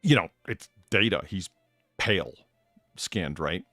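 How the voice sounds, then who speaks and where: A man with a lowish voice that swings widely in pitch as he talks, host of a laid-back chat stream. He speaks in an animated way and swears freely. The sound is dry and close, with faint music underneath. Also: slow pace, no room sound. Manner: animated, swearing, laughs at own jokes. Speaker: streamer host, bartender of the show. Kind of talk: casual chat.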